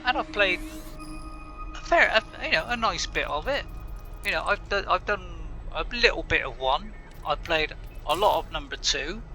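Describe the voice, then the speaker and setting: A man's voice: sits high, lively intonation, moderate pace, sharp tone, faint music behind. A man rambling casually through gameplay commentary, chatty and laughing often, talking to himself. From Bristol, England. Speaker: gaming channel host.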